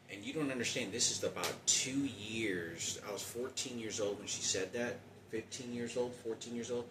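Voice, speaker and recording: A man in his forties talking in a halting, rambling personal monologue with many restarts. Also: on the low side, roomy sound, far from the mic, background noise. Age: 40s.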